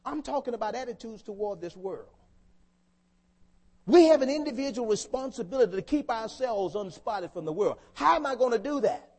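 A man's voice: very high-pitched, expressive, a little fast, a little mellow. A man preaching a sermon to a congregation, often asking them questions to draw them in. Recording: long hall reverb.

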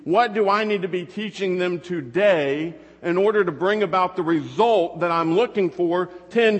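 Pastor, male, thirties, fairly high voice, easy storytelling sermon, long hall reverb. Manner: conversational storytelling with rhetorical questions.

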